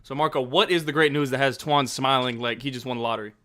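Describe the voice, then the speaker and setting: A man's voice: medium pitch, fairly even intonation, fast, bright, forceful tone. A man hosting a casual sports podcast, upbeat and chatty. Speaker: podcast host.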